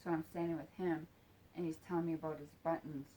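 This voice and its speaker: A woman telling a personal story in a halting, soft-spoken way, with casual swearing. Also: deep voice, steady tone, a little hiss or hum.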